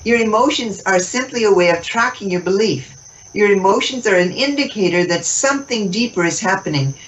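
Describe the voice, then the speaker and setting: A woman interview guest giving a spiritual teaching talk, expressive and laughing often as she acts out little dialogues. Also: medium pitch. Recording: distant mic, muffled, faint noise.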